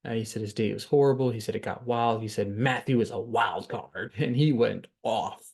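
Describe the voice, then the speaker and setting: A man's voice: on the low side, normal speed, vocal fry, a little mellow, breathy edge. A man hosting a podcast, casually recapping a reality dating show in a rambling way, repeating words, with frequent ums and some cursing.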